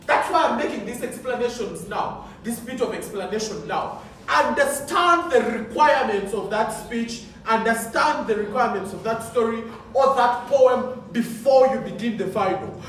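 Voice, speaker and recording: A man who judges and trains poetry contestants, coaching them emphatically and driving points home with repetition and rhetorical questions. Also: extremely high pitch. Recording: echoey hall, voice from far off.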